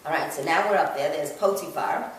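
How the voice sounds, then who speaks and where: A woman's voice: sits low, fairly quick, a little hiss or hum. A woman teaching an informal Torah class to a group of women, chatty and conversational, often asking the room if they follow her, recorded in an echoey room from a distance. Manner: chatty, asks the group questions, frequent "you know". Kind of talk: informal religious class talk.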